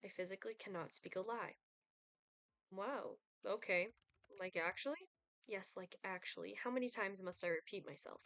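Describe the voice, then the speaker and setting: A woman's voice: mid-range voice, normal speed, fairly bright tone, no room sound, lightly acted. A woman voicing an aloof male Grim Reaper, reading his game lines in a cool, clipped, formal way. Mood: cold, formal. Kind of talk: reading game dialogue aloud.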